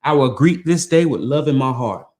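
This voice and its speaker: A man's voice: medium pitch, lively intonation, moderate pace, a little mellow. A man hosting a podcast, reading a motivational text aloud in an earnest, emphatic way and breaking off for casual asides. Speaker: podcast host.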